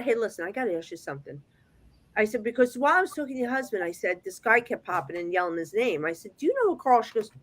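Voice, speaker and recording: A woman working as a psychic medium, telling stories in a chatty, animated way on a video call. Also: on the high side. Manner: chatty, animated storyteller with frequent restarts. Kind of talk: casual storytelling chat.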